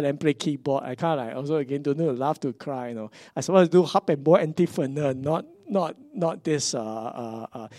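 A middle-aged man with a Singaporean English accent preaches a sermon. His voice sits somewhat high, and it is recorded dry, with no room sound. He swings between hushed asides and emphatic bursts. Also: no echo. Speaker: pastor.

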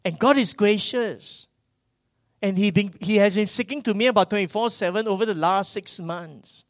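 A man, preaching a sermon that swings from loud bursts to hushed asides. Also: high voice, moderate pace, dry recording, clean studio sound. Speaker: pastor.

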